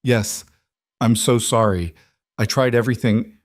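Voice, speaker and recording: A man's voice: mid-range voice, a little slow, no echo, clean studio sound, close to an everyday voice. A man playing a firm frontier healer woman. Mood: gentle. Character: young woman, frontier healer, urgent and steady.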